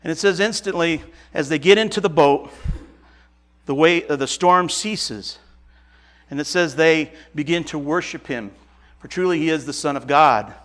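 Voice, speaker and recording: Man from Nebraska, casual folksy sermon, slightly high voice, relaxed storytelling. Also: moderate pace. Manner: casual and folksy, chuckles and self-corrects often. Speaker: preacher. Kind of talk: informal sermon retelling a Bible story.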